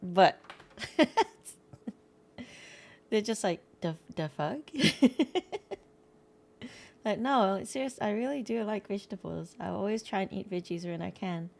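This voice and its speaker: A woman's voice: mid-range voice, takes it slowly, vocal fry, long pauses, darkish tone. A woman chatting casually and laughing while she reacts to a language lesson, breaking in with asides. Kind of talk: casual chat.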